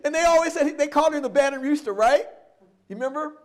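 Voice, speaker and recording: Animated male storyteller, middle-aged, high-pitched, plays out every voice he quotes. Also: fast talker. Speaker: guest speaker. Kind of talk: live oral history talk.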